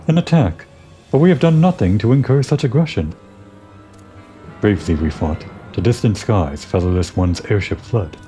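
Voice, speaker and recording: A man's voice: low voice, dark tone. A man voicing a squawking, agitated bird-beast tribesman who speaks in terse inverted phrases, reading game dialogue aloud.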